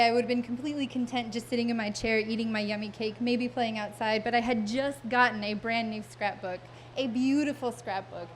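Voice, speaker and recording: A woman with a slightly high voice tells a comic personal story live on stage. Her delivery is wry and self-mocking, full of vivid detail and well-timed pauses, with a faint hum of room noise behind her. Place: live stage event before an audience.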